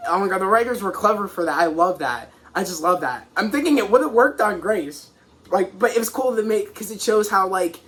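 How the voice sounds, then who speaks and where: A man excitedly recapping a TV episode as a reviewer, rambling and restarting as he goes. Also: high voice, fairly quick, slight background noise. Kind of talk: casual recap.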